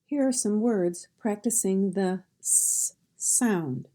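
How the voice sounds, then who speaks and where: A woman with a Midwestern American accent teaching pronunciation, sounding out each phoneme and word carefully in a slow drill. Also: mid-range voice, expressive, mellow. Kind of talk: slow instructional speech drill.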